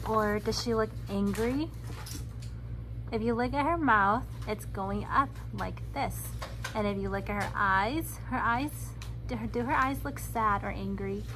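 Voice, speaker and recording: A woman teaching a recorded preschool lesson, speaking slowly and patiently with lots of simple questions. Her voice sits fairly high. The recording carries clear background noise and clicks. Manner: slow, patient, questioning tone for small children. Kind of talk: recorded classroom lesson for young children.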